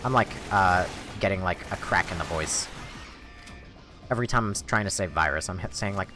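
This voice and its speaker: A man's voice: deep voice, a little fast, music in the background. A man chatting and joking as he plays a video game and reads chat. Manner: animated, jokey, chatty. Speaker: game streamer. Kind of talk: casual gameplay commentary.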